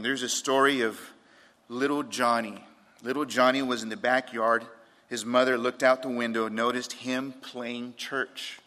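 A man's voice: mid-range voice, pushed and bright. A man preaching a sermon as pastor, repeating his key points and telling light anecdotes, in a church sanctuary. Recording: long reverb of a large room.

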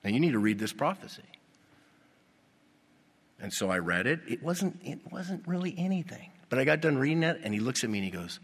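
A male pastor preaching a sermon, animated and putting rhetorical questions to his congregation. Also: medium pitch, a little fast, slightly rough. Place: church. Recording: long reverb of a church hall.

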